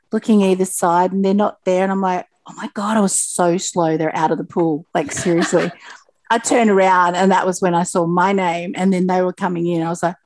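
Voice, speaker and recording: Chatty Australian woman, low-voiced. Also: no echo. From Sydney, Australia. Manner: chatty, animated storyteller. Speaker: interview guest, Paralympic athlete. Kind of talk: casual interview storytelling.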